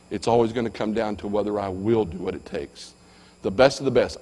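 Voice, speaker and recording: Emphatic man speaking in a reverberant hall. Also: a little high. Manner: emphatic, swings between loud and hushed. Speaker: keynote motivational speaker. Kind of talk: motivational keynote speech.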